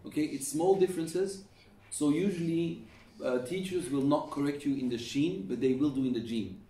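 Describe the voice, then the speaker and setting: A middle-aged Quran recitation teacher, his voice dark and mellow yet a little high, patiently drills students on pronunciation at a moderate pace, repeating each sound as he coaches. He's captured from some distance in an echoey classroom, so the room rings around his words, with a little hiss or hum.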